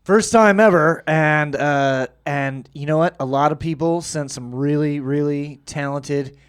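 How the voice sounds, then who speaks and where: A chatty man co-hosting a loose comedy podcast, his voice sitting a bit high for a man. He rambles through half-finished sentences, swears freely and laughs at his own jokes. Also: measured pace, smooth. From United States. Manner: profane, rambling with restarts and laughs. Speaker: podcast host. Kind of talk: casual podcast banter.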